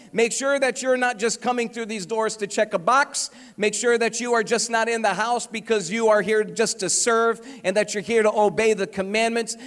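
A man's voice: very high voice, fairly bright tone. A man preaching a sermon as pastor, earnestly warning and exhorting his congregation in a church. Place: church sanctuary. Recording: long reverb of a church hall.

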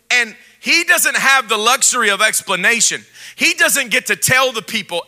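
A male pastor delivers a sermon in a high, strikingly bright voice. He is playful, acting out the scene in put-on voices before turning quietly intense. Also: expressive, normal speed.

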